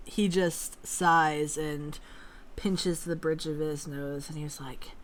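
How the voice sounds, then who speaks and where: A woman's voice: low-pitched, fairly even intonation, slow pace. A woman narrating a tabletop game as game master, casual and swearing freely.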